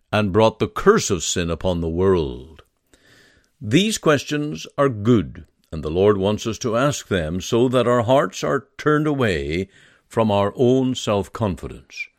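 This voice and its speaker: Man, devotional speaker, slow measured pace, expressive rising and falling pitch, earnest, dry close recording. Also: no echo. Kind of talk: devotional reading and prayer.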